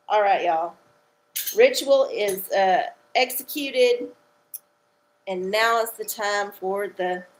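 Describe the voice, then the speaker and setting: A woman's voice: mid-range voice, slight background noise, poor audio. A woman hosting a casual livestream from home, chatty and playful, reading oracles for her viewers. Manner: chatty, playful, uses y'all.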